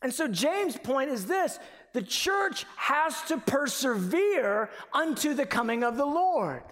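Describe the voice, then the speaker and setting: A man preaching a sermon with passion, moving from quiet, conversational stretches to sudden shouted emphasis. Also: very high-pitched, very animated, slow. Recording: long reverb of a large hall.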